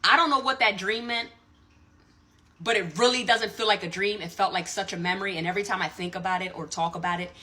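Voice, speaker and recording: A woman's voice: mid-range voice, fast, sharp tone. A woman telling an earnest, rambling story-time tale in casual chat, swearing freely. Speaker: social media storyteller.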